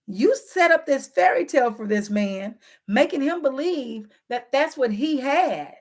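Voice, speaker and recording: A woman's voice: high voice, lively intonation, unhurried. A woman talking straight to her viewers in a casual advice vlog, frank and teasing, acting out both sides of everyday arguments. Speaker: relationship advice vlogger.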